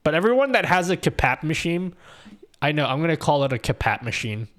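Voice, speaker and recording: A man's voice: on the high side, very animated, fairly quick, a bit bright. Laid-back, swearing young man streamer. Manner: laid-back and profane, rambling with restarts and laughs. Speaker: live streamer. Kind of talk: casual live-stream chat, reading chat aloud.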